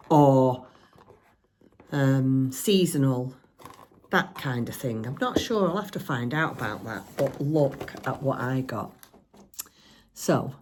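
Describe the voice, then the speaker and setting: A woman's voice: rumbling low, darkish tone. An older woman and grandmother chatting casually on her vlog, showing off a shopping haul, giggly and teasing. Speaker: crafting vlogger.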